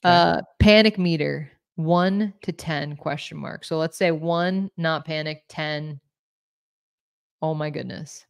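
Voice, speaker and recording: A woman's voice: deep voice, takes it slowly, gravelly, clean tone. A woman co-hosting a sports talk show, chatting casually and a bit self-deprecating while reading viewer questions.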